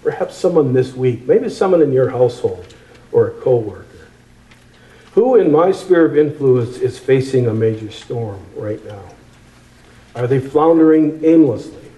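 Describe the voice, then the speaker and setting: A man preaching a sermon, emphatic and repeating phrases, slowing down on key words. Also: mid-range voice, animated, mellow, roomy sound, rough recording.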